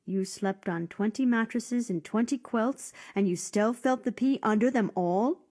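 Woman doing a gentle young storybook prince, close to her own mellow, breathy voice. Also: a little high, a little slow. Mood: wondering.

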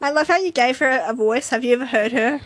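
A woman's voice: high voice, fast talker, a little hiss or hum. A young woman co-hosting a radio show, breezy and teasing, trading random facts. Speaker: radio co-host. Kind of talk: casual radio chat.

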